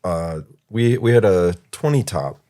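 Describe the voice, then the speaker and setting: A low-voiced man co-hosts a podcast and chats casually. He tells a restaurant story in an easygoing way. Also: lively intonation, unhurried, mellow. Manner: easygoing, recounts a work story. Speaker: podcast co-host. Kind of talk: casual chat.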